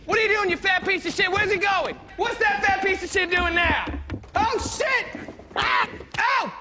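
An actor playing a crude, belligerent president who heckles a play, shouting and swearing. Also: male voice, very high voice, moderate pace. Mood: panicked. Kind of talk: sketch comedy acting.

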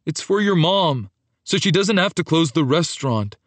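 A man's voice: on the high side, animated, moderate pace, dry recording, voice pushed up, natural voice. A man reading an audiobook, voicing an ashamed, worried young man in a subdued, hesitant tone.

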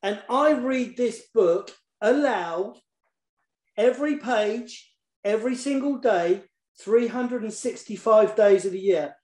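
A man who writes children's poetry and books chats casually and eagerly in an online session, his voice sitting high and his pace slow. Warm and enthusiastic, he often repeats words while searching for them, and the room sounds echoey.

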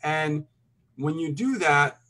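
Calm man speaking with lots of fillers. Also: on the high side, slow pace. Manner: calm, filler-heavy, checks in with "okay". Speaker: co-host. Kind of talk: casual advice talk.

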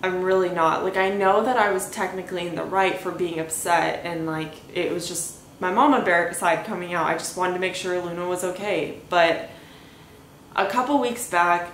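A woman's voice: on the low side, normal speed, a bit bright. Rambling young woman in an echoey room. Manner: rambling, lots of "like" and "anyway". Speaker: podcast host. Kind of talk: casual storytelling monologue. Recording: echoey room with faint hiss.

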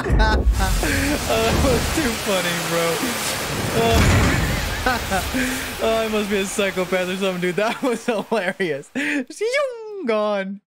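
A man commentating his gameplay, joking, swearing and yelling in bursts, then muttering low. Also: slow, over loud music. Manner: loud, profane, jokey, swings between shouting and mutters. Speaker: gaming streamer. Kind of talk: let's play commentary.

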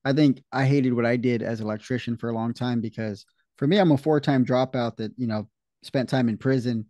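A man's voice: mid-range voice, fairly even intonation, fairly quick, warm tone, dry recording. A man hosting a podcast, an electrician speaking in a candid, reflective, laid-back way. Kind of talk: casual podcast interview.

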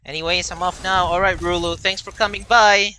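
A man hosting a livestream, commenting on his racing game play and chatting with viewers, with excited yelps and laughs at the action. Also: high-pitched, fairly quick, smooth. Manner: chatty, answers viewers' chat between races. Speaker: livestream host. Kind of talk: live gameplay commentary.

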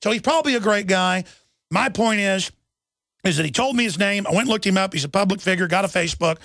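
A man's voice: high-pitched, fast talker, gravelly, a bit bright, dry recording. A man hosting a talk radio show, delivering an urgent, rambling monologue full of restarts into a studio microphone.

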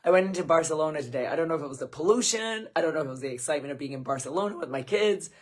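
Hoarse woman hosting a livestream. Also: sits low, expressive, very fast. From Scotland. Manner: chatty and effusive, greeting viewers by name. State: hoarse, losing her voice. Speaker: screenwriting coach hosting a livestream Q&A. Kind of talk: casual livestream chat.

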